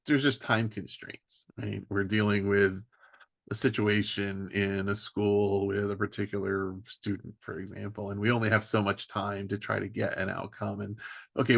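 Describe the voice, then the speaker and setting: A man hosting a podcast, speaking thoughtfully with many pauses and fillers. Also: lowish voice, vocal fry, fairly bright tone, no room sound, studio quality. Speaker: podcast host. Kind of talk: conversational interview.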